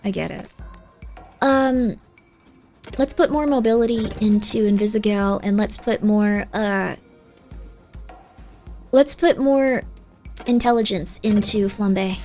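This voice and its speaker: A woman streaming a game live, reacting excitedly and reading on-screen text aloud. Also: medium pitch, slow, pauses often. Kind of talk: live gameplay commentary. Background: faint game music.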